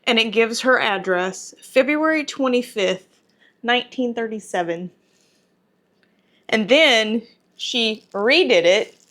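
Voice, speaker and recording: A woman, chatting to camera as a home cooking vlogger, talkative and sentimental, her voice going soft when she is moved. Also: fairly high pitch, animated, slow pace, long pauses. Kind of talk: casual talk to camera.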